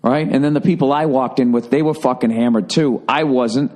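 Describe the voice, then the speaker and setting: A man from the Boston area hosting a podcast, telling a rambling, profane story that jumps into high-pitched bursts for emphasis. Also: brisk, darkish tone. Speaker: podcast host. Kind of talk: casual storytelling monologue.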